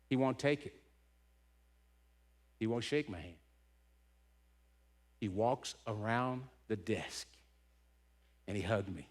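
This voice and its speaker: A middle-aged man giving a heartfelt storytelling talk as a keynote speaker, punctuating points with "right?". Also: fairly low pitch. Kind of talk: emotional storytelling talk to a men's gathering.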